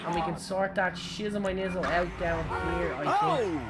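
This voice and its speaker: A young Irish woman giving excitable, giggly live commentary while playing a driving game, shrieking at her crashes. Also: fairly low pitch, moderate pace, over loud music. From Ireland. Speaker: game streamer. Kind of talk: live gaming stream commentary.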